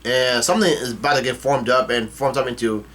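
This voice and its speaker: A man casually reading a manga chapter aloud, talking quickly with fillers and restarts and cursing in disbelief at twists. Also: mid-range voice, steady tone, fairly bright tone. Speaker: manga reader and reactor. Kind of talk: casual read-through with reactions.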